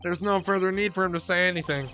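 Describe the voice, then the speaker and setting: A man's voice: high voice, fairly even intonation, fast, bright, forceful tone, soft background music, voice pushed up. A man voicing a smug, dismissive male prosecutor.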